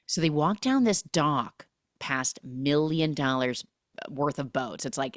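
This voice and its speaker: A woman's voice: rumbling low, a little slow, no room sound, studio quality. A woman hosting a podcast, recapping a film in a casual, sarcastic way, acting out the characters' lines as she goes. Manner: animated, sarcastic storytelling with acted quotes. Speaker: podcast host.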